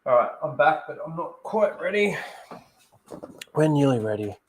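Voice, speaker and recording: A man's voice: a little high, sing-song, moderate pace, slight background noise. A man hosting a casual livestream, rambling, correcting himself and talking straight to his viewers. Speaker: livestream host.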